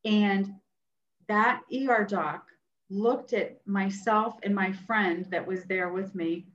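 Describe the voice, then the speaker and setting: Lively woman storyteller, roomy dull sound. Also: mid-range voice, takes it slowly, a little hiss or hum. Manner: animated, acts out what others said. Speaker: nurse practitioner guest. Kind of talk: personal storytelling in an interview.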